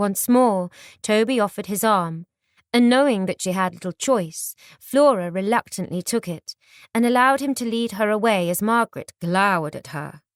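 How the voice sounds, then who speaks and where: A woman narrates an audiobook in a steady, measured storytelling manner. Her voice is mid-range, recorded dry at studio quality.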